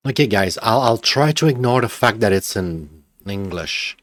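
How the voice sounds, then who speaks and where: Low-voiced tired male streamer, dry close mic. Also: animated, normal speed, a bit bright, dry recording. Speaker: game streamer. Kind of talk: casual live-stream commentary.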